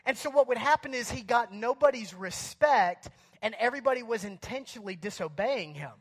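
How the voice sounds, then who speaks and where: A male pastor telling a humorous story in a sermon, chatty and animated, with lots of fillers. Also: very high-pitched, a little fast. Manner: animated, chatty, many fillers like "like" and "you know".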